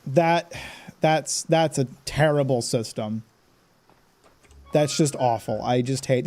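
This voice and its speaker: A man's voice: mid-range voice, slow, long pauses, darkish tone. Exasperated, foul-mouthed male gamer. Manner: exasperated, sarcastic, swears a lot. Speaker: gaming channel host. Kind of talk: let's play gameplay commentary.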